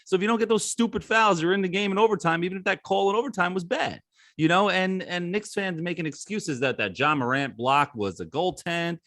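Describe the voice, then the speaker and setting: A man's voice: sits high, fairly quick, fairly bright tone, no echo, studio quality. A man co-hosting a casual sports podcast, joking and sarcastic, often laughing as he talks. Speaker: podcast co-host.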